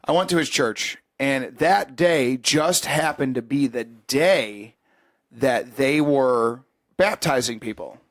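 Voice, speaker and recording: A man hosting a podcast, telling a story in casual chat, profane and animated, acting out the people in it. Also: mid-range voice, takes it slowly, no room sound. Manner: profane, animated storyteller who acts out voices. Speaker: podcast host.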